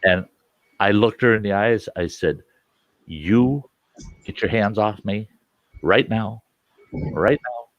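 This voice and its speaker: Low-voiced man spinning a rough story. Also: takes it slowly, pauses often, dry recording, lo-fi sound. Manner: animated anecdote with acted-out quotes. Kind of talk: casual storytelling.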